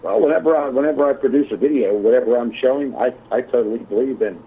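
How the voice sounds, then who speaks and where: A man with a very husky, rough-edged voice, blunt and heavily profane in casual talk. The sound is thin and tinny, like an internet call line. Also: medium pitch, quick pace. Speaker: channel owner on a group call. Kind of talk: heated casual call chat. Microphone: computer mic on a video call.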